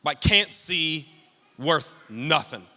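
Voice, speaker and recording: A male pastor delivers a sermon in a church hall, trading jokes with his congregation as he tells stories. His voice sits high and rings very bright and sharp. Long reverb trails each phrase through the room. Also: animated, slow. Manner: joking, storytelling preacher addressing congregation.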